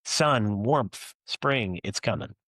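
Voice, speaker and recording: A man's voice: lowish voice, lively intonation, slow pace, a bit bright, no room sound. A man hosting a policy podcast from his office, talking in an earnest, emphatic and upbeat way. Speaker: podcast host. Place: home office.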